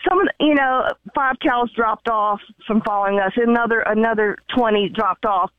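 A woman's voice: fairly high pitch, moderate pace, no echo. Woman caller on a muffled phone line. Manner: chatty, repeats herself, lively retelling. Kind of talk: casual phone-in storytelling.

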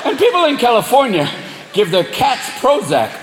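Animated, profane stand-up comedian man. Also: very high voice, normal speed, echoey room, in a large hall. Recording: live venue with loud crowd.

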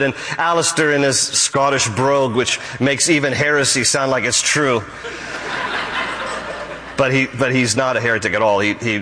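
A man's voice: mid-range voice, bright, forceful tone. A man preaching a sermon as pastor, emphatic and repeating his key phrases over and over. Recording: long hall reverb.

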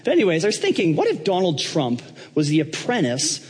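A man's voice: a little high, huge pitch swings, a little fast, breathy edge, long reverb tail. A man preaching a sermon in a church, joking and asking the congregation questions. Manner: joking, conversational, asks the audience questions. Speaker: pastor.

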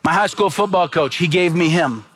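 High-voiced man preaching a sermon. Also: moderate pace, fairly bright tone, soft background music. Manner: earnest, emphatic preaching with rhetorical questions. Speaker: pastor.

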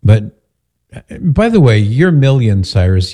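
A man's voice: mid-range voice, very animated, a little slow, dark tone. A man hosting a talk radio show, joking and teasing his co-host. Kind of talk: casual talk radio banter.

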